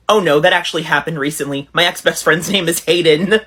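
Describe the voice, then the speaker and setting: Husky low woman reading texts. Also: a little fast, fairly bright tone. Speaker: storyteller reading a text exchange. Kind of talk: reading text messages aloud.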